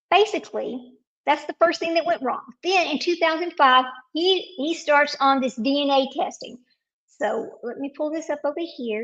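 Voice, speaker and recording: A woman's voice: sits high, fairly bright tone, dull audio. A woman hosting a casual live stream, talking to viewers while searching her computer and getting frustrated.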